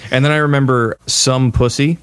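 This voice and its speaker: A man's voice: medium pitch, fairly even intonation, normal speed, smooth, dry recording. A man co-hosting a casual gaming podcast, chatty and nostalgic, rambling through stories. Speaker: podcast co-host. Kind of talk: casual chat.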